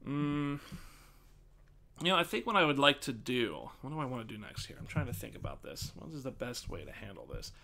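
A man streaming live, thinking aloud and swearing casually as he tests his desk microphone, often projecting near a yell. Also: mid-range voice, big pitch swings, fairly quick, gravelly. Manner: projects loudly, near yelling into the mic. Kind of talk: live stream mic test, casual chat.

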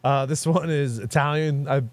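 A man's voice: a little high, fairly even intonation, normal speed, dry recording. A man co-hosting a podcast, loosely running a bracket with profane, laughing banter. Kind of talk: casual comedic banter.

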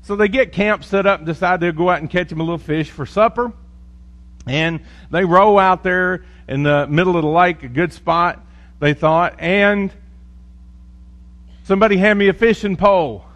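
A man's voice: high-pitched, moderate pace, fairly bright tone. A man preaching a sermon as pastor, reading scripture and praying, with a folksy, joking storytelling manner.

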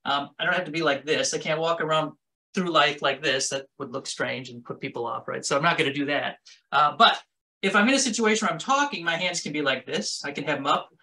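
Brisk and sharp-toned, his fairly high voice carries this self-defense workshop. The man teaches in an easy, conversational manner, his hands moving as he talks.

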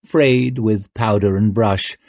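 A man narrating an audiobook in a measured, even storytelling manner. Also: on the low side, creaky, dry recording. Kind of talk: scripted narration.

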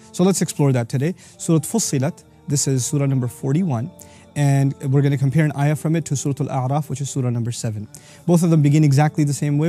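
Rapid-talking man explaining scripture. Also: mid-range voice. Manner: energetic, recites verses rapidly then explains in English. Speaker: Quran teacher.

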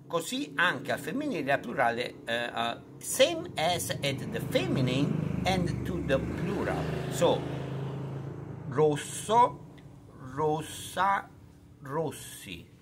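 A middle-aged man with an Italian accent, a language tutor who teaches pronunciation in a slow, unhurried way full of fillers and restarts. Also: on the high side, big pitch swings, very noisy.

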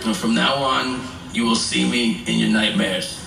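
A comedian putting on the voice of a threatening adult male prison inmate, low and deliberate. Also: steady tone, creaky, pushed and bright, roomy sound, recorded from a distance, faint music behind, rough recording. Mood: menacing.

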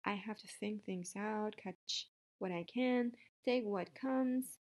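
Calm clever spider read by a woman, slow, matter-of-fact storybook voice. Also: mid-range voice. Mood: firm.

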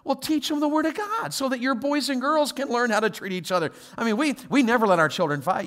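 A man preaching a sermon as a guest pastor, telling stories with quoted voices and moving from quiet asides to loud exhortation. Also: extremely high pitch, big pitch swings, quick pace, hardly any pauses.

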